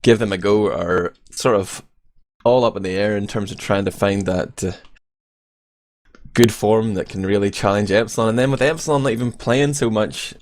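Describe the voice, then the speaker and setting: Joking Irish esports caster, low-ish voice. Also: male voice, darkish tone. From Ireland. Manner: jokey, casual, quick banter. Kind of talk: live esports commentary.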